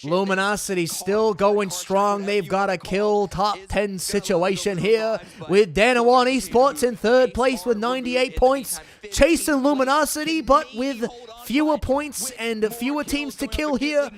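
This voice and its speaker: A man with a high voice hosts a casual live-stream from his home studio. He talks into a desk mic, jokes around and swears freely. He drifts between chatting with viewers and calling the match. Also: measured pace. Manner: jokey, swears, tries silly accents. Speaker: streamer hosting a watch party.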